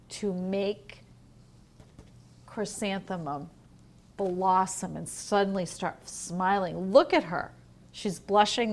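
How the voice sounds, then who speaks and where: A woman teacher reading a picture book aloud to young children in a home learning video, gentle and asking the listener questions. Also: mid-range voice. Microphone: home video recording.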